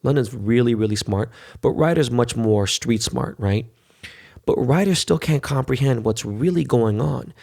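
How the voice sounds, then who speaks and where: A man's voice: mid-range voice, normal speed, gravelly, darkish tone. A man, hosting a podcast and telling a loose, profane, talkative story in casual monologue. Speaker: podcast host.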